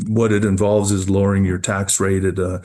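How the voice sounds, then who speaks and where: A man, a mining company executive, answering interview questions in a measured way, often repeating words as he thinks. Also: deep voice, flat delivery, a little mellow, slight background noise.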